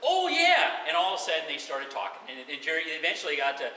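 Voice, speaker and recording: Man in his 60s, high voice, joking party speech, far-off mic in a noisy hall. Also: very fast, sharp tone. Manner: joking storyteller, laughs through his lines. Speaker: brother of the retiree giving a speech. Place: party venue hall, indoors.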